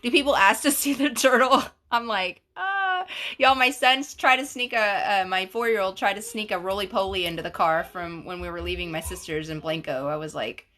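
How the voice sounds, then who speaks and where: A woman's voice: medium pitch, brisk, few pauses, bright, forceful tone. A woman, hosting a casual livestream, reading comments aloud in a chatty, giggly, gushing way. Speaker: livestream host.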